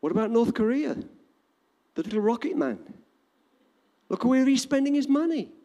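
A man's voice: very high voice, big pitch swings, normal speed, warm tone, big-room sound, highs cut off. An older man with an English accent preaching a sermon in an emphatic, repetitive cadence. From England.

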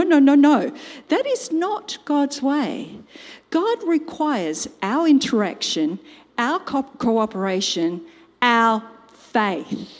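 Expressive older woman preaching in a hall. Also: sits high. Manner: expressive, acts out quotes and sound effects. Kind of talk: sermon with storytelling. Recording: long hall reverb.

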